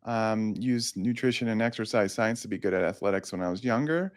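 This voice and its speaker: A man's voice: lowish voice, brisk, no room sound, clean studio sound. A man who is a doctor guesting on a podcast, talking in an easygoing, conversational way. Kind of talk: podcast interview.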